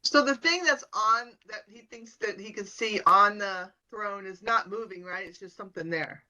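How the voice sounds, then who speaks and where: A woman's voice: mid-range voice, moderate pace, sharp tone, rough recording. A woman playing a tabletop game, stating her moves matter-of-factly and asking the game master questions. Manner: matter-of-fact, asks questions. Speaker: player. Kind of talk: casual tabletop play.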